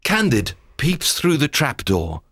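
A man narrating a children's story in a scripted, expressive read-aloud manner. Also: medium pitch, slow pace, dry recording, studio quality.

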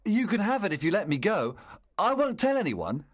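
Male narrator doing a panicky young man, pleading, pitch jumping all over. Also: very animated, moderate pace. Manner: pleading, urgent. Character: frightened, desperate young man caught out.

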